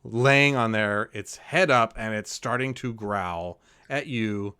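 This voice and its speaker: A man running a tabletop horror game as game master, describing scenes in a loose, halting way full of ums and likes. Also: fairly low pitch, bright, forceful tone, clear, resonant tone.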